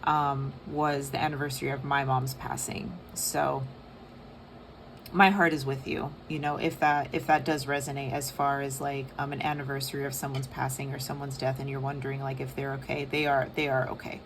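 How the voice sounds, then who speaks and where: A young woman giving a casual tarot reading, soft and rambling with many fillers. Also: very deep voice, flat delivery, moderate pace, slight background noise. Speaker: tarot reader.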